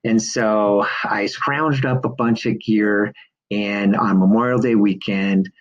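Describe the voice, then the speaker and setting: A middle-aged man with a lowish voice tells a story at an easy pace, filling gaps with "uh" and small laughs. The recording sounds muffled and dull. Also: takes it slowly. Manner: relaxed storytelling with frequent fillers and chuckles. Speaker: business coach. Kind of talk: personal story and pitch to camera.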